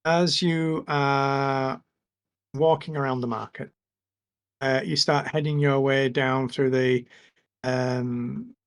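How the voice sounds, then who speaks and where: A man's voice: medium pitch, steady tone, takes it slowly. A man narrating a tabletop game as game master, describing scenes with many fillers.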